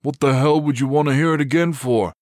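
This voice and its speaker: Guy doing a blunt swat cop, gruff and fed up, lowish voice. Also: normal speed, no echo, studio quality, lightly acted. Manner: gruff, exasperated. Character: blunt bald male SWAT officer.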